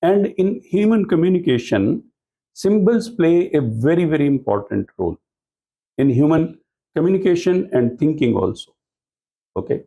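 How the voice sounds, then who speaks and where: A man delivers a training lecture to a room of professionals. His voice is gravelly and husky, with a darker, mellow tone. He explains patiently and keeps turning to the listeners with rhetorical questions. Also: fairly high pitch, sing-song, normal speed, poor audio. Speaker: speaker at a corporate training talk.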